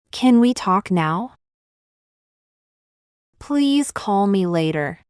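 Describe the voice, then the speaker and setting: A woman teaching everyday English phrases in a slow, deliberate, scripted lesson. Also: medium pitch, expressive, a little mellow, no echo, studio quality. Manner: slow, deliberate, clearly enunciated.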